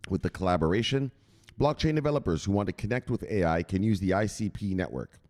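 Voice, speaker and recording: Chatty low-voiced man reading crypto news. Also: expressive, fast, a little mellow. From United States. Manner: chatty, digressive, asks viewers to google things. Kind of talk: casual commentary reading news aloud.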